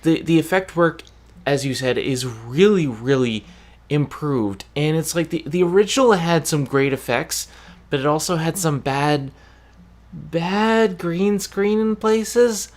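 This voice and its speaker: A podcast host speaks slowly and deliberately in casual conversation. The host explains opinions with frequent restarts. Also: medium pitch, animated, a little mellow. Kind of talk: casual chat.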